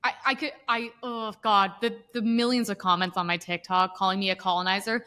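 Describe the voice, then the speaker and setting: A woman's voice: medium pitch, fairly even intonation, brisk, sharp tone. A woman co-hosting a podcast, talking politics in a blunt, heated, profane way. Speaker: podcast co-host. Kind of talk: casual political chat.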